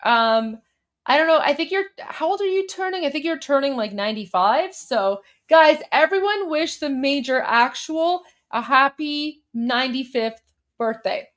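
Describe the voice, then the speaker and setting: A woman's voice: high voice, expressive, normal speed, a bit bright. Woman livestream host, casual political commentary, chatty with emphatic bursts. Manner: chatty, repeats words and restarts while coaching pronunciation; emphatic, insistent when arguing.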